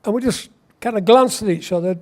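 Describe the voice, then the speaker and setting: Man, 80s, high-pitched, wry storyteller, oral history interview. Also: brisk, darkish tone. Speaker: war veteran interviewee.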